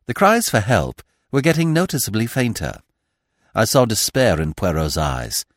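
A man narrating a classic mystery novel as a podcast reader, in a measured, expressive storytelling manner. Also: on the low side, no echo, clean studio sound. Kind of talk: audiobook reading of a classic mystery.

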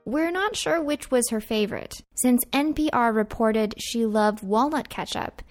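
An upbeat co-host of a food history podcast, this woman reads facts from a script, alternating with her partner. Her voice is on the high side and unhurried, and faint music sits beneath the recording.

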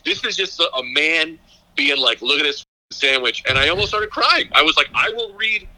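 Bright-voiced comedian calling in by phone. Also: male voice, fairly high pitch, animated, normal speed. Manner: rambling, self-mocking, enthusiastic. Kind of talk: casual chat. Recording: phone line.

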